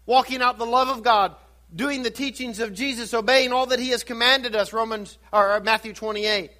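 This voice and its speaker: A man's voice: very high voice, steady tone, moderate pace, pushed and bright. A man preaching a sermon, teaching through scripture with rhetorical questions and building to fervent emphasis. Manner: asks rhetorical questions and answers them. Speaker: pastor.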